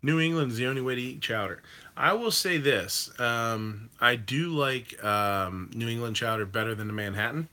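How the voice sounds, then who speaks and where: A man's voice: medium pitch, normal speed, pushed and bright. A man hosting a livestream, chatting casually and rambling with fillers and swearing while reacting to viewer comments. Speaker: livestream host reading chat. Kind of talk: casual chat.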